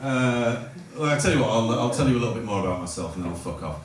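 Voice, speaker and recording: A man's voice: lowish voice, animated, fast, far from the mic. A man from North Lincolnshire doing a hesitant, self-deprecating open-mic stand-up set. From North Lincolnshire, England. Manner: rambling, self-deprecating, hesitant with many fillers. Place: small comedy night in a hotel bar. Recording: roomy hall recorded from afar with loud noise. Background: audience laughter.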